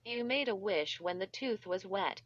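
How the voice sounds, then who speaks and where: A woman's voice, likely synthetic, reading a tense, pale girl who speaks in a soothing hush. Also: medium pitch, lively intonation, a little slow, no room sound. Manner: soothing, hushed. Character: anxious whispering girl, a friend. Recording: dull lo-fi.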